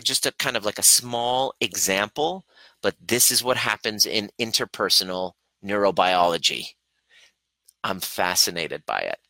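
A man's voice: on the low side, pushed and bright, dry recording, poor audio. A man hosting a live Q&A, earnestly coaching viewers and acting out his own inner voice. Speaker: host, breathwork and trigger coach. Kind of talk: live-streamed Q&A teaching.

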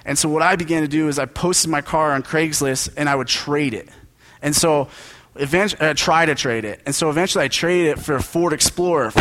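A man's voice: on the high side, a bit bright. A young man giving a casual, joking sermon as a preacher, talking to the congregation like friends. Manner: conversational and joking, with quick asides.

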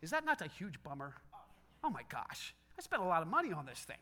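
A man's voice: on the high side, a little fast. A middle-aged male pastor preaching a sermon, telling stories and acting out quoted voices. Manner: animated storytelling with quoted voices.

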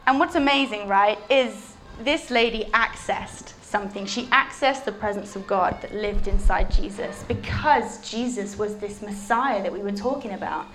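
A woman preaching a sermon with lively, animated storytelling. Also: mid-range voice, normal speed, few pauses, slight background noise.

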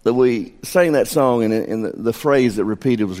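An older male pastor delivering an earnest, emotional sermon in a church sanctuary. His mid-pitched voice rings out with a long hall reverb trailing each phrase. He leads the congregation through scripture in a steady preaching cadence. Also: moderate pace.

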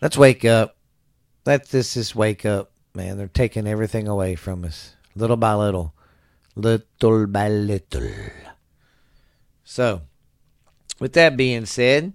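A man's voice: mid-range voice, slow pace, no room sound, clean studio sound. A middle-aged man hosting a casual podcast from home, rambling and ranting with frequent swearing and stammers. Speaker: podcast host. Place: home at night.

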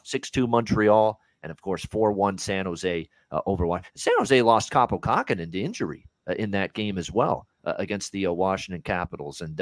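A man's voice: on the low side, no echo. A man co-hosting a sports betting podcast, ranting in heated, casual talk and swearing freely.

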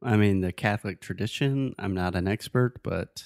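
Guy with a deep voice, playful, slowly correcting pronunciation, dry close sound. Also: no echo. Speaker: co-host teaching English. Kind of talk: casual language-lesson chat.

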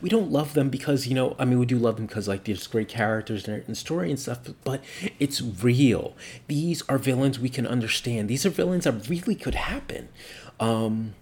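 A man's voice: mid-range voice, expressive, moderate pace, darkish tone, husky. A man talking casually about his opinions, rambling, full of fillers and restarts, and swearing bluntly.

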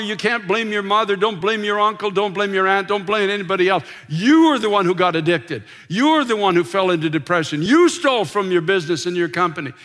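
A middle-aged male pastor preaching a passionate sermon from the pulpit, repeating words as he builds and dropping to soft, intimate tones. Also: high voice. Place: church sanctuary, from a pulpit. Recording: long reverb of a large church hall.

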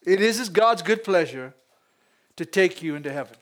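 Louisiana pastor, high-pitched male voice, lively preaching style. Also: normal speed. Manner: lively preaching with frequent laughs and call-outs to the congregation. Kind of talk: sermon.

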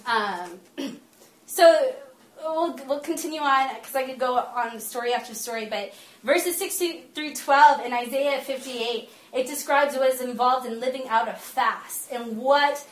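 In a roomy-sounding space with faint ambience, a woman talks to a small gathering, combining sermon and personal storytelling. Her fairly high voice is lively and chatty with frequent laughter in the stories, becoming slower and softer when she teaches earnestly.

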